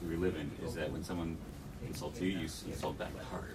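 A man taking part in a group class, talking quickly as he chimes in. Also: rumbling low, flat delivery, distant mic, very noisy. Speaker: class participant.

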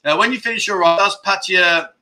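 This London-born host, based in Thailand, runs a casual livestream chat show and reads viewer comments aloud. His London-accented voice sits high and sharp at a fairly quick pace, and he's chatty and jokey, rambling, restarting, and laughing.

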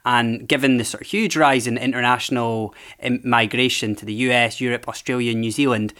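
A man co-hosts a podcast, setting up clips and tying the conversation's themes together in a measured, conversational way. His voice sits at an ordinary middle pitch. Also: steady tone, fairly bright tone. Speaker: podcast co-host. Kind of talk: podcast narration and chat.

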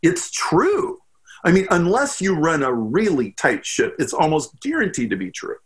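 A man guesting on a podcast, talking in an animated, storytelling way with lots of "like" fillers. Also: on the high side. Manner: storytelling, quick bursts with frequent "like" fillers. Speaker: podcast guest, business strategist. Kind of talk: animated interview talk.

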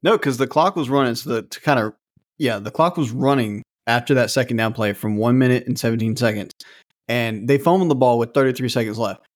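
A man's voice: medium pitch, brisk, no room sound, clean studio sound. A man co-hosting a casual sports podcast, recounting game details and stats. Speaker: podcast co-host.

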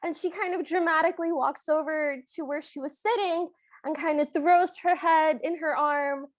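A woman with a high voice chats playfully on a podcast, often laughing and slipping into the characters she describes. The sound is dry and close-miked. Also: fairly even intonation, moderate pace, no echo. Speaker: podcast co-host. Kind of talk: casual chat recapping a film.

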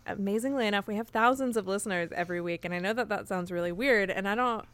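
A woman's voice: mid-range voice, quick pace, fairly bright tone, clear, resonant tone. A woman co-hosting a podcast, chatting casually in a hesitant, self-deprecating way with many fillers. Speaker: podcast co-host. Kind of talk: casual chat.

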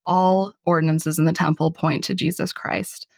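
A woman's voice: sits low, level tone, normal speed, gravelly, no room sound, clean studio sound. A woman hosting a casual religious podcast, chatty and self-deprecating, often laughing as she talks. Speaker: podcast host.

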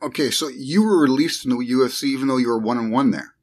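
A man's voice: medium pitch, quick pace. A male podcast host with an ordinary mid-range voice puts questions to his guest. He keeps it casual and encouraging. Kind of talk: casual interview.

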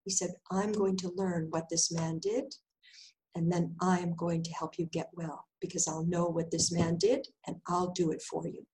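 An older woman, an intuitive healer appearing as a guest, tells her story in conversation at a moderate pace on a low-quality recording. She's animated, her pitch rising and falling as she acts out each exchange, putting on other people's voices for quoted lines and laughing throughout.

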